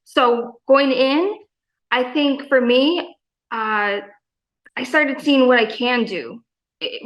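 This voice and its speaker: A woman's voice: on the high side, a bit bright, poor audio. A woman in her forties, a gym member talking in a casual interview, enthusiastic and rambling, full of fillers and quoted asides.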